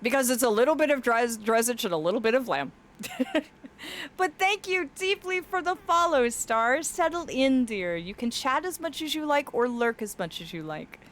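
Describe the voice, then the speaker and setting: Streamer woman, fairly high and very animated voice, affectionate chat, occasional voice cracks. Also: normal speed. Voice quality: voice cracks now and then. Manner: affectionate, reads chat aloud, often laughs. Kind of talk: casual live-stream chat.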